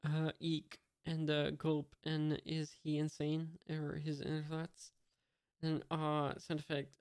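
Hesitant man reading comics aloud, slow. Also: a little high, a little mellow, clean tone, no room sound, studio quality. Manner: hesitant, many fillers, reads out sound effects. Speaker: manga reader.

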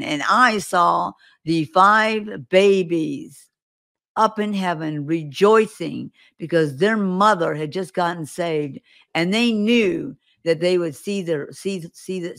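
A woman's voice: lowish voice, creaky. A woman guest on an interview show, earnestly recounting visions and stories with vivid detail. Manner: earnest, vivid storytelling with acted quotes. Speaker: guest prophetic minister.

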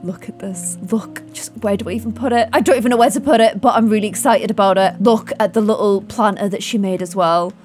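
A woman talks through her life-sim gameplay in a gushing, excitable way, breaking into gasps. Her voice sits at a middling pitch for a woman. Faint music plays quietly under her. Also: a little fast, few pauses. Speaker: gaming YouTuber. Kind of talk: excited let's-play commentary. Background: faint background music.

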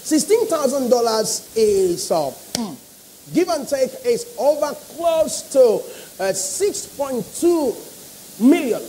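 A man's voice: very high voice, very animated, slow, dark tone, slight background noise, low-quality recording. A man with a Nigerian English accent preaching a sermon, emphatic and repetitive, calling out to the congregation. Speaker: pastor.

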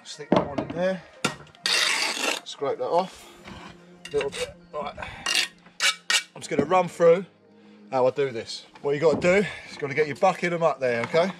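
A man's voice: a little high, moderate pace, heavy background noise. Chatty roofer explaining his work. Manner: chatty, explains while working. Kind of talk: casual work vlog. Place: outdoors on a roof. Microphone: action camera.

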